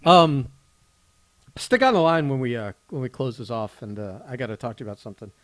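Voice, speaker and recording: A man co-hosting a podcast who talks in a casual, halting way with many "uh" fillers and dry teasing. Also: medium pitch, lively intonation, fairly bright tone, dry recording. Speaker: podcast co-host. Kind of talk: casual chat.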